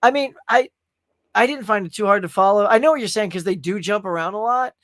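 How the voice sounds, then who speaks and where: A man hosts a relaxed pop culture podcast in a noticeably high voice. He rambles and circles back over his words, openly moved by what he is praising. The sound is dry and close with no room around it. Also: brisk, no echo. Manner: gushing and emotional; rambling, restarts sentences. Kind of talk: casual movie review chat.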